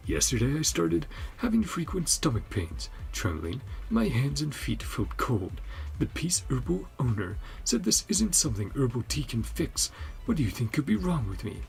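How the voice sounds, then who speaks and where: A man's voice: medium pitch, big pitch swings, normal speed, gravelly, few pauses, soft background music. A man voicing an adult customer worried about too much herbal tea, read in a chatty, plain way.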